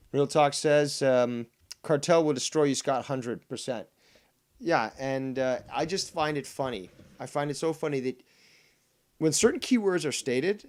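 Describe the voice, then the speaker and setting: A man hosting a livestream, rambling and swearing as he mocks a rival and reads chat. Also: mid-range voice. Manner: rambling, profane, mocking, many fillers. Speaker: livestream host. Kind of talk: casual livestream commentary.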